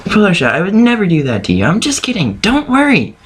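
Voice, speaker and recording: A man's voice: sits high, huge pitch swings, quick pace, a bit bright, husky, voice pushed up, full character voice. A man voicing a brash, teasing young female pegasus pony. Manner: sly, teasing, boastful.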